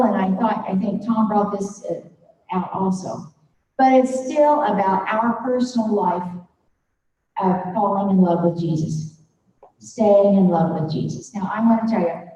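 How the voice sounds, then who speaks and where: An older woman giving an earnest, halting devotional talk to a room of faculty, growing emotional as she speaks. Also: mid-range voice, warm tone. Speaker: speaker at a faculty development day. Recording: distant, muffled hall recording.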